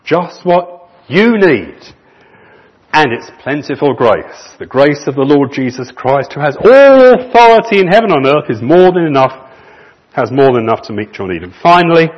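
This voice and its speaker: A man preaching a sermon in an earnest manner, stretching key phrases slowly for emphasis. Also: mid-range voice, sing-song. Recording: muffled lo-fi recording.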